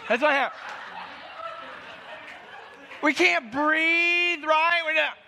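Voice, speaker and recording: High, bright-voiced male preacher. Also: slow pace, a faint crowd, a little hiss or hum. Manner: conversational, with many restarts and sudden drops to near-quiet. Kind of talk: sermon.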